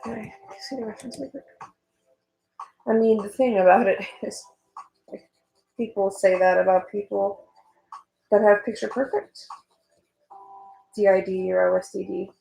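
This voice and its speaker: A woman's voice: mid-range voice, steady tone, moderate pace, gravelly, long pauses, dark tone, roomy sound, poor audio. A young woman chatting casually while she works on a drawing, rambling and swearing, getting worked up at times. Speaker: artist vlogger.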